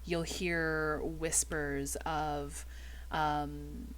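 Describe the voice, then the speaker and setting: A woman narrating as game master of a tabletop game, unhurried and with many fillers. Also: deep voice, fairly bright tone, a little hiss or hum, low-quality recording.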